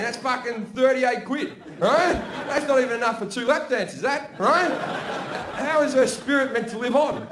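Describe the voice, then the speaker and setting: A man with an Australian accent performing profane stand-up comedy, swinging between loud bursts and low mutters, in a theater. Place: theater with a balcony, live audience. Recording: roomy live stage recording with audience laughter.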